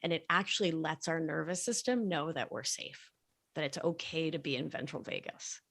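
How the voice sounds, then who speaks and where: A woman talking as a podcast guest, explaining things in a calm, gentle, sing-song way. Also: sits low, moderate pace, vocal fry. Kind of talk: casual podcast conversation.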